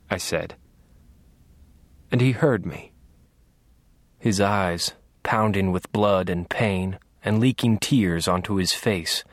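A man narrating a first-person audiobook in a quiet, measured, menacing way. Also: sits low, no echo.

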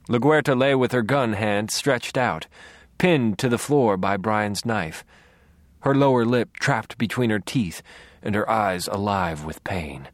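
A man narrating a dark first-person audiobook in a low, brooding, measured voice on a close studio mic. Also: no room sound.

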